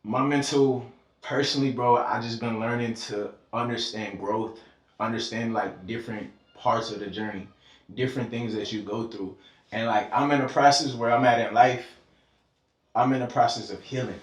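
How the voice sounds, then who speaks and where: A man's voice: mid-range voice, steady tone, moderate pace. Fervent man, echoey and far from the mic. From Georgia, US. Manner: fervent, preachy, swears freely. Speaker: podcast guest. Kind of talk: casual heart-to-heart conversation. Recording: echoey room, distant mic.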